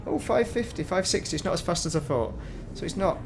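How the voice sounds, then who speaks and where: A man's voice: high voice, animated, quick pace, gravelly, a little hiss or hum. A man casually commentating while he plays a space game, rambling and breaking off mid-sentence. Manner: rambling, self-interrupting, chatty. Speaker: game streamer.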